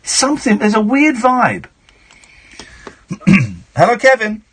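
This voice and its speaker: A man's voice: very high-pitched, animated, slow pace, a bit bright. A man in his forties with an English accent, hosting a late-night radio phone-in, chatty and frank, often restarting his sentences. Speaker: radio host. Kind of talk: late-night call-in chat. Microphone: studio mic.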